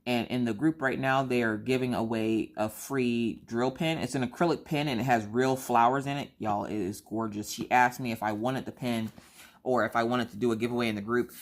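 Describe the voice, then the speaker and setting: A woman's voice: steady tone, brisk. Chatty woman telling home stories. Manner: chatty storyteller, acts out quotes in a high squeal. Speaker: crafting vlogger. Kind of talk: casual chat while crafting.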